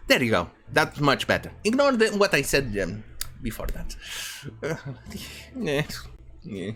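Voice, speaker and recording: A woman's voice: extremely low pitch, wildly swooping pitch, moderate pace, pauses often, fairly bright tone, slight background noise. A woman giving ranting news commentary, sarcastic and profane, who mocks words by repeating them. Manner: sarcastic and profane, with mocking repetition. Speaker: online commentator.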